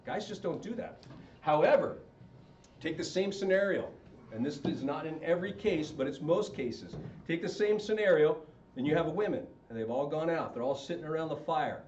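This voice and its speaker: A man's voice: expressive, moderate pace, a little mellow. A middle-aged man counseling an audience on marriage, casual and joking, asking them questions. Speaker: marriage counselor and wedding officiant. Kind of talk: talk to a live audience. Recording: roomy, distant and dull with faint rumble.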